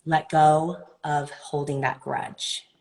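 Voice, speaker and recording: A woman giving wellness advice in a live video-call interview, earnest and animated, sometimes acting out other people's voices. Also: low-pitched, takes it slowly, creaky, rough recording. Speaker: wellness guest.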